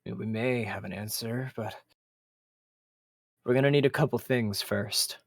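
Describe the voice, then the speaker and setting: A man voicing a calm, kindly male mentor with glasses, who speaks in a measured, encouraging way and chuckles often. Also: medium pitch, dry recording, clean studio sound, lightly acted. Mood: friendly.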